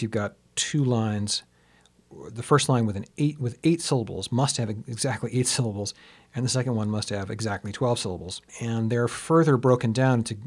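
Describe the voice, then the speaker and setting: A man lecturing on verse rhythm, patiently explaining and chanting out the beats, then reading his own translation aloud slowly. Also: on the low side, husky. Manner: reads his translation slowly with rising emphasis.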